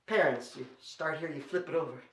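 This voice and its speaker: A man's voice: on the high side, fairly quick. A man telling a children's story at a library show, playfully coaxing the kids to join in. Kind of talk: animated children's story performance. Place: library event room. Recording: echoey room.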